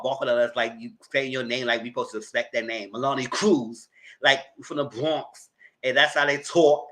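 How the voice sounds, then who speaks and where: Bright-voiced man doing chatty TV recaps. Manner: chatty, animated, mock-quotes people in a high voice. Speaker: TV recap host. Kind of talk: casual TV recap commentary.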